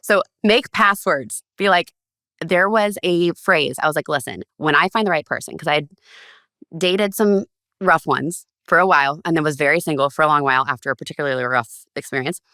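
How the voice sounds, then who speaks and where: A woman, a podcast guest, telling stories in a casual, animated way and acting out the lines of others with big jumps in pitch. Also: a little fast, no echo, studio quality. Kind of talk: casual storytelling.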